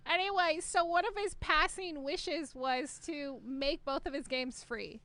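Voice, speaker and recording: A woman's voice: sits high, slow, pushed and bright, no echo. A woman co-hosting a casual gaming podcast, chatty, swearing freely and laughing often. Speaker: podcast co-host.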